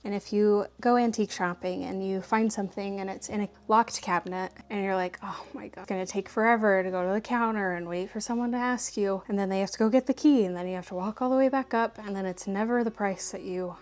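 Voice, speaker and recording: A chatty woman antique dealer talking to camera at home as she unpacks, full of quick asides and light laughter. Her voice sits at an ordinary middle pitch, and her delivery stays conversational and relaxed. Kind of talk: casual unboxing vlog. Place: home, indoors.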